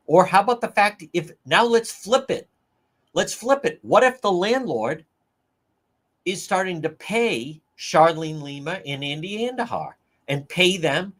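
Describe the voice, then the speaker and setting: Guy hosting a live news rant, high voice, swings all over, calls everyone folks. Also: animated, a little slow, a bit bright. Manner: ranting, incredulous, addresses viewers as folks. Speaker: livestream talk show host. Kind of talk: opinionated news commentary.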